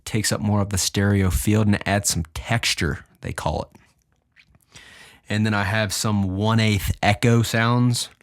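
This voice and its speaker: Young male podcast host, fairly low voice, lively casual delivery with a swinging pitch. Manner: animated, deliberately shifts his pitch up and down. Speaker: podcast host and music producer. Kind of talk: casual podcast talk explaining his own music.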